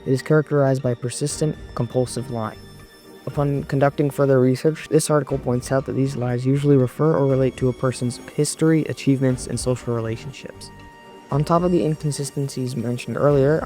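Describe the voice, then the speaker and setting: A man giving a measured, explanatory scripted narration for an online video essay, recorded close to a mic. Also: mid-range voice, fairly even intonation, dark tone. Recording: voice-over with faint background music.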